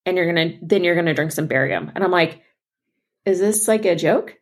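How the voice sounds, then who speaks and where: A young woman co-hosting a podcast tells a story in casual conversation, acting out both sides of the exchange. Her voice is on the low side and fairly quick.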